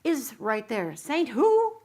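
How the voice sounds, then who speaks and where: A woman's voice: sits high, huge pitch swings, takes it slowly, warm tone. A middle-aged woman giving a Sunday sermon as guest minister, bubbly and chatty, laughing with her congregation. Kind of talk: sermon with singing and audience banter. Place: church sanctuary.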